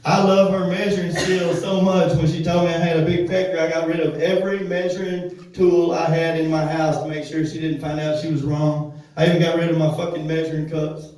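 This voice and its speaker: A man's voice: fairly high pitch, level tone, fairly quick, darkish tone, slight background noise. A man doing a loose, crude stand-up set, cursing a lot and laughing at his own jokes. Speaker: stand-up comedian. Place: comedy club room. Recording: echoey room, voice from far off.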